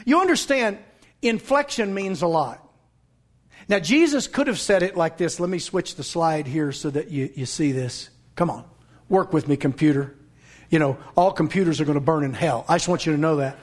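A man preaching a sermon as pastor, emphatic and scornful, breaking into shouts. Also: fairly high pitch, moderate pace.

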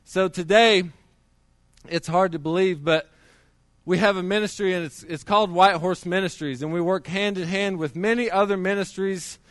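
A man's voice: sits high, steady tone, normal speed, a bit bright, no room sound, clean studio sound. A middle-aged man preaching a sermon, telling his testimony in a conversational way with many restarts.

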